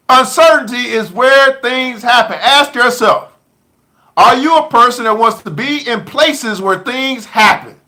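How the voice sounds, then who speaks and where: A man's voice: very high-pitched, sharp tone. A man hosting a live stream book club, reading aloud and preaching with folksy slang, repeating his lines for emphasis.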